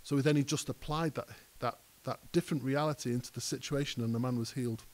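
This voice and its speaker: A man's voice: medium pitch, fairly even intonation, quick pace, darkish tone. A male pastor preaching a conversational sermon that rises to emphatic peaks. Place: church hall.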